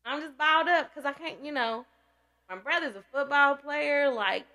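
A woman's voice: high-pitched, moderate pace, vocal fry, bright, forceful tone. A woman candidly telling a personal story in casual chat, emotional and laughing through tears. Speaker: podcast guest sharing survival story.

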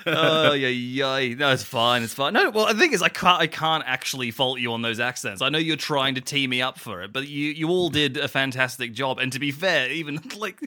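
A bright, lively man chatting on a podcast. His pitch moves a lot, and he laughs easily and pokes fun at himself. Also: fairly quick, few pauses. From Australia. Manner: laughing, self-deprecating, chatty. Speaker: podcast co-host. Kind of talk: casual chat.

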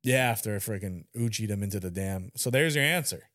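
Young man, podcast co-host; lively, swinging delivery, lowish voice, dry close sound; acts out quotes with lots of swearing. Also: brisk, no room sound. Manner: animated storyteller, swearing, acting out quotes. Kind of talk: casual chat.

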